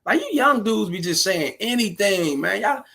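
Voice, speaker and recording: A man talks through a clip in loose, crude reaction commentary. His voice sits a touch high and carries a gravelly, husky edge, and he lays out his blunt advice straight to the fellas. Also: lively intonation, normal speed, a bit bright.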